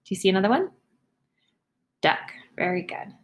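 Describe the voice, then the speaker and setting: A woman teacher, leading a demonstration reading lesson for young students, encouraging and clearly sounding out words. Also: medium pitch, moderate pace.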